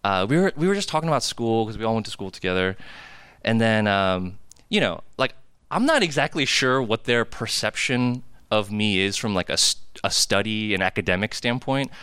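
A man's voice: fairly low pitch, animated, normal speed, bright, forceful tone, clear, resonant tone, no room sound. A man in his thirties from the United States giving a casual personal sermon as a pastor, telling confessional stories in a conversational way full of "like" and "right?". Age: 30s. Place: hall with a cafeteria.

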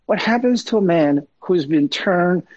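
A man's voice: high voice, expressive, measured pace, a little mellow. A man preaching a sermon in a conversational, emphatic way, full of fillers and asides. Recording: dull lo-fi sound.

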